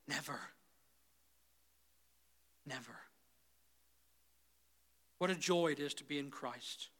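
A man preaching a sermon as pastor, swinging between loud, rising intensity and soft, low pleading, often calling the congregation "guys". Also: brisk. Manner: repeatedly addresses the congregation as "guys".

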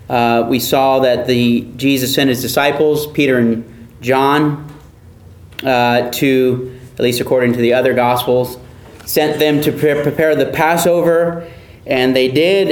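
Relaxed pastor in an echoey room. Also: male voice, mid-range voice. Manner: relaxed, conversational, with fillers and restarts. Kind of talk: Bible study teaching and prayer.

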